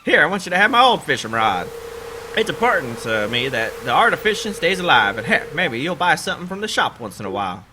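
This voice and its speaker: A man's voice: fairly high pitch, sing-song, fast talker, background noise. A man voicing a hearty old male sailor and fisherman in a boisterous sailor voice, over game music.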